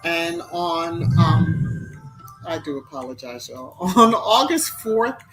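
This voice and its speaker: A woman hosting a casual live stream, chatting and greeting viewers by name between relaxed asides. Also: lowish voice, takes it slowly, soft background music.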